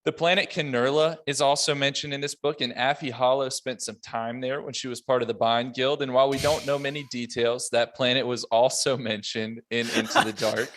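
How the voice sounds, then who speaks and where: A man hosting a casual podcast roundtable, running briskly through notes and laughing often. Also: medium pitch, fairly even intonation, fairly bright tone. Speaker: podcast host.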